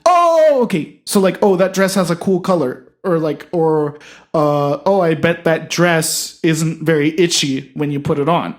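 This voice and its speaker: A man voicing a dim, boastful baseball slugger who hosts the show, talking in a goofy, excitable, crude way in a comedy sketch. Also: a little high, measured pace, close to an everyday voice. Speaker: host.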